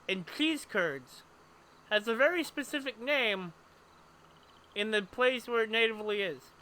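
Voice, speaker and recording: A man streams a game live, talking to viewers in an unhurried, chatty way. His voice sits high for a man and has a sharp, bright edge. He often drifts into long, rambling asides. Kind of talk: casual live gameplay commentary.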